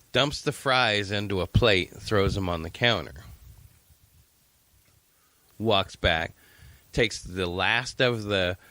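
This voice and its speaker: A man's voice: deep voice, no echo. A middle-aged man co-hosting a casual podcast, telling a family story and acting out the quotes. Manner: animated storyteller, acts out quotes. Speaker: podcast co-host. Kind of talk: casual chat.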